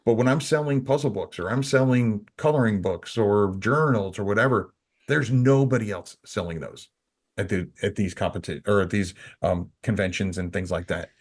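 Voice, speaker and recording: Low-voiced man rambling on a podcast. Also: normal speed. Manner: rambling, many restarts and "you know". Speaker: podcast co-host. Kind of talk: casual podcast chat.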